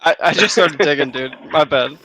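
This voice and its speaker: A man's voice: on the high side, moderate pace, sharp tone, rough recording. A man hosting a casual live stream chat, easygoing and laughing often as he talks with friends over a call. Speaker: host.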